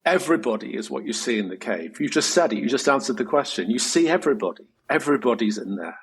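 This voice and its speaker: Husky man telling a personal story. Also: medium pitch, fairly bright tone, low-quality recording. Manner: reflective, slow and earnest, swears casually. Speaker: guest, designer. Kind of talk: candid personal storytelling in interview.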